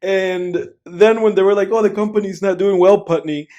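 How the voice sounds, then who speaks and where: Steady and high-pitched with a darkish tone, this young man talks at a moderate pace. He's co-hosting a film podcast, chatting casually, swearing, laughing frequently and acting out bits of movies.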